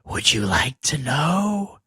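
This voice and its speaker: A sneaky witch who hisses low and hushed, uneasy and watchful, as a male storyteller puts her on. Her voice stays quiet and slow in a storybook scene. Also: big pitch swings, slightly rough, no room sound, studio quality, exaggerated voice. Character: nervous sneaky whispering witch woman.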